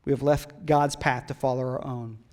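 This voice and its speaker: A middle-aged male pastor preaching a sermon, chatting with his congregation and swinging from loud emphatic build-ups to hushed whispers. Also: medium pitch, flat delivery, moderate pace. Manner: conversational, jokes with the congregation. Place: church hall. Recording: long hall reverb in a church.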